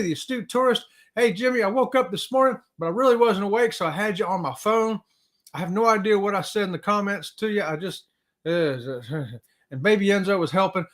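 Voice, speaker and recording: A man hosting a casual livestream, greeting viewers by name and whooping with excitement. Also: sits high. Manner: excitable, drawling, whoops and laughs often. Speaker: livestream host.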